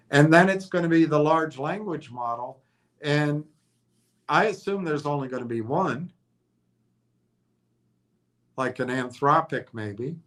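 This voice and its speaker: A man's voice: on the high side, fairly bright tone. A man hosting a stock stream, speculating in a rambling, hesitant way with frequent restarts and fillers. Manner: rambling, hesitant, thinking aloud with many restarts. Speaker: stock commentator. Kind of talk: casual speculative monologue.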